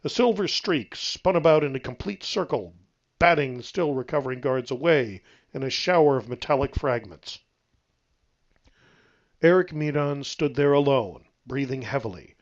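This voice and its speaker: A man narrating his own novel aloud in a steady, even storytelling read. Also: mid-range voice, moderate pace, muffled recording.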